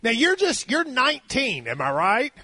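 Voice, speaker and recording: Male radio host, bright, husky, folksy interviewer in a dry studio. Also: very high voice, wildly swooping pitch, normal speed, no room sound. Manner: folksy, encouraging, asks questions.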